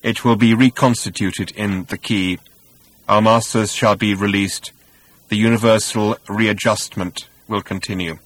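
Man playing an ancient killer robot, cold, sleek, cultured rasp, slow deadpan delivery, fairly low voice. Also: no echo, low-quality recording. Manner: flat, slow, patient, deadpan.

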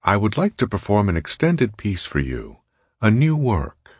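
A man's voice: fairly low pitch, wildly swooping pitch, a little slow, a little mellow, slightly rough, dry recording, clean studio sound, voice pushed up, heavily acted. A man doing a showy stage illusionist. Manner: grand and theatrical. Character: smooth theatrical male stage illusionist, showy.

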